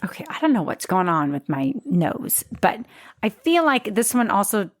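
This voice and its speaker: A chatty woman co-hosting a casual wine podcast. Her pitch rises and falls freely as she talks, and she drops in plenty of filler words along the way. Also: big pitch swings, normal speed. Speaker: podcast co-host. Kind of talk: casual wine-tasting chat.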